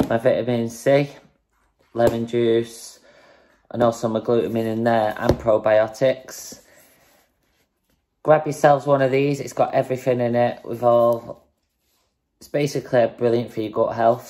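A woman's voice: very deep voice, darkish tone. A woman casually chatting in a home vlog, breezy and swearing now and then as she shows off products. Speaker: fitness vlogger.

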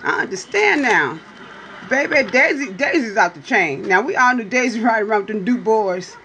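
Brief: high-pitched woman hosting a chatty livestream, playful and teasing, with a faint hum behind her. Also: expressive, moderate pace, pushed and bright. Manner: playful, teasing, keeps asking "you hear me?"; drawling, swoops into high exclamations. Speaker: livestream host reading for viewers. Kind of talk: casual livestream chat with viewers.

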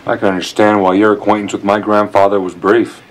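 A man's voice: lowish voice, level tone, fairly quick, slight background noise, lightly acted, rough recording. An actor playing a defiant young man held captive in a 1990s TV western, who answers in short, curt lines. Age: young adult. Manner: terse, curt, defiant replies.

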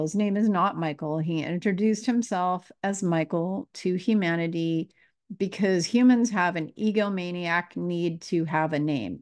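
A woman giving an earnest, casual spiritual talk, repeating phrases and pausing with fillers as she grows emotional. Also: lowish voice. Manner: earnest, emotional, pauses to collect herself. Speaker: spiritual teacher.

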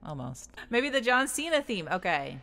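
Playful lady streamer singing along to a game, swoopy voice, soft music behind. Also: fairly high pitch, sing-song, moderate pace, creaky. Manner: playful, sings and hums along, laughs often. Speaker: gamer streamer. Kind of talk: game play-through commentary.

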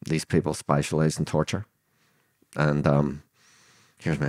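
Older Belfast man, deep and gravel-free, dry close recording, vivid blunt storyteller who voices each speaker. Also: level tone, unhurried, a little mellow, no echo. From Northern Ireland. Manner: vivid retelling that acts out quoted dialogue; blunt, swears freely. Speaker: guest. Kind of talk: storytelling interview.

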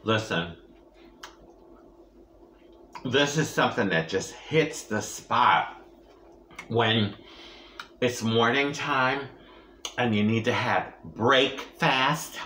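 A woman with a bass voice and a slightly bright tone takes her time as she chats with viewers during a mukbang eating vlog. Playful and joking, she savors each bite with drawn-out hums, recorded with a roomy echo and slight background noise.

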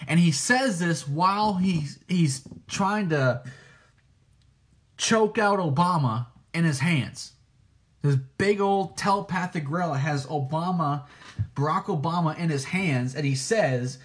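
A man's voice: a little high, animated, a little slow. Hesitant man giving an informal teaching. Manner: hesitant, frequent restarts, keeps asking "okay?". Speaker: preacher.

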